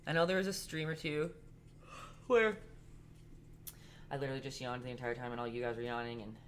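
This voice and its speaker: A woman hosting a casual live-stream painting lesson, chatty and rambling, talking fast. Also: very deep voice, steady tone, slight background noise. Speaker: art instructor and live-stream host.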